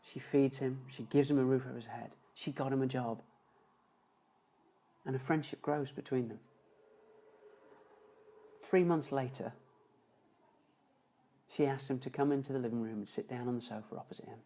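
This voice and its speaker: A man telling an emotional story as a motivational speaker on a live stream, earnest, slowing and dropping softer for emphasis. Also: mid-range voice, steady tone, rough recording. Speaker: motivational speaker and seminar founder. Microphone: phone or webcam on a live stream.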